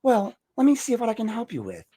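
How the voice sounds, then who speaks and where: Guy faking a super sugary call center helper voice, pitched way up. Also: huge pitch swings, a little fast, dark tone, slightly rough, heavily acted. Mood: syrupy polite. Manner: sugary, forced-polite phone voice. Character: overly cheerful male call-center helper.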